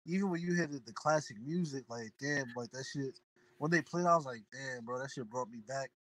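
A man guesting on a podcast, chatting in a laid-back, slangy way that often trails off quietly. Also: mid-range voice, fairly quick, dry recording, poor audio. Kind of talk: casual chat.

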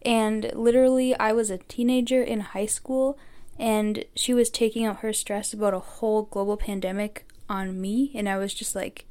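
A woman's voice: medium pitch, flat delivery, moderate pace, mellow. A young woman guest telling stories in a chatty, casual way. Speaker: podcast guest. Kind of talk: casual storytelling.

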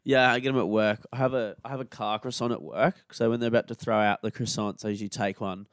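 A man's voice: lowish voice, steady tone, quick pace, no echo, studio quality. A young Australian man co-hosting a podcast, trading laid-back, jokey banter in casual chat. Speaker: podcast co-host.

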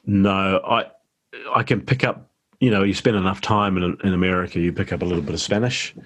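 Deep-voiced New Zealand man, easygoing. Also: fairly even intonation, a little fast, fairly bright tone. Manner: easygoing, rambling anecdotes. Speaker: actor guest. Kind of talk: relaxed interview chat.

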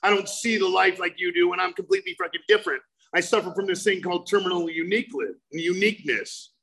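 A man in his forties telling his recovery story, animated, breaking into loud exasperated outbursts. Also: sits high, fast, vocal fry. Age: 40s. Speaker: speaker sharing recovery story. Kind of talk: recovery talk, personal story.

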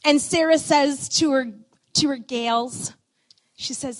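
A woman telling a love story to an audience, animated and playful, often dropping into asides. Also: high-pitched, slow, dry recording. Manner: animated, expressive, playful, with many "like" fillers. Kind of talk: storytelling talk.

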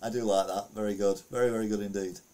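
A man's voice: on the low side, steady tone, fast, mellow. A man casually reading news headlines aloud and adding rambling, self-correcting comments full of fillers.

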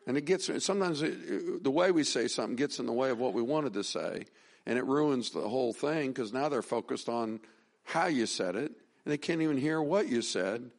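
A man's voice: mid-range voice, expressive, normal speed. A middle-aged man preaching a sermon as pastor, talking in a conversational, folksy way, with restarts and rising emphasis.

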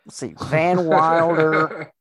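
A man's voice: a little high, fairly even intonation, takes it slowly, a crowd in the background. A man co-hosting a casual podcast chat, laughing often, teasing his friends and chasing movie trivia. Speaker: podcast co-host.

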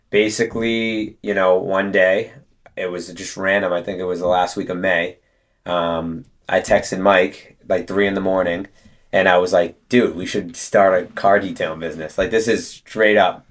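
Casting: young guy, very deep voice, chatty interview guest, loose and rambling. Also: fairly bright tone. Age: 20s. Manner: chatty, storytelling with many fillers. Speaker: guest, detailing business co-owner. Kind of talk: casual interview talk.

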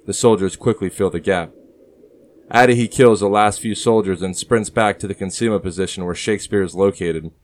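A man narrating a story in a steady, measured reading. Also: fairly low pitch. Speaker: audiobook narrator. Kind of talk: scripted narration.

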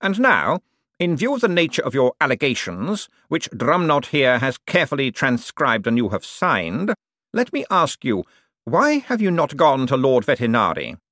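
A man's voice: medium pitch, huge pitch swings, moderate pace, pushed and bright, no room sound, studio quality, voice pushed up. A man voicing a haughty, scheming male banker, pompous and precise in a raised voice.

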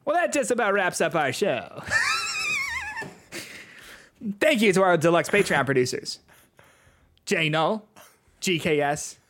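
A self-mocking comedian's quick patter, put on by a man for a podcast outro. The voice sits higher and brighter than his own talk and jumps around with lively, halting rises. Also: slight background noise, full character voice. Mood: mock-announcing. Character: comedian impression, male adult, rapid patter. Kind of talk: podcast outro in a comic impression.

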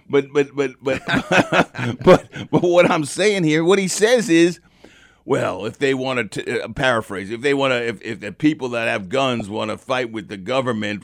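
A man's voice: mid-range voice, gravelly, dry recording. Fired-up man, dry close sound. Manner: fired-up, emphatic, repeats words when worked up. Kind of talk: heated opinion talk.

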